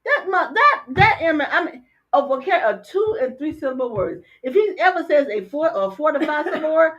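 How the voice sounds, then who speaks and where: An older woman co-hosting a casual talk show, blunt and animated, often stammering and repeating words. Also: high voice, a little fast. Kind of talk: casual political chat. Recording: dull lo-fi stream audio.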